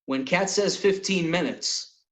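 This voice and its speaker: Middle-aged male comic host, lively storyteller, slightly higher voice. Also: unhurried, low-quality recording. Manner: animated storyteller, acts out quotes. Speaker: podcast host and comedian. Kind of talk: casual storytelling.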